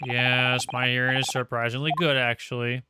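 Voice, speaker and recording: A man's voice: mid-range voice, level tone, normal speed, very noisy. A man playing through a video game, reading its dialogue and narration aloud in a dry, matter-of-fact way. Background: loud game music.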